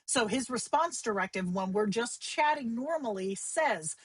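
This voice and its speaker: A woman hosting a livestream tutorial, talking in a chatty, conversational way with quick asides. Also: a little high, expressive, husky, dry recording, rough recording. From Arizona. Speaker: livestream host teaching AI companion tips.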